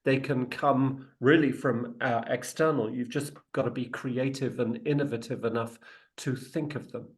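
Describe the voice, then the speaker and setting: A man training people in sales negotiation, telling an anecdote in a lively, animated way, laughing often and restarting his sentences. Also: mid-range voice, normal speed. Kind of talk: lively anecdote with acted quotes.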